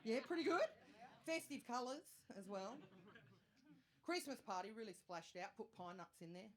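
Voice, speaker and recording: A woman in her thirties with an Australian accent, performing a stand-up comedy set, chatty and self-mocking with quick asides to the crowd. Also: medium pitch, expressive. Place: comedy venue stage with live audience. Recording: live show with audience noise.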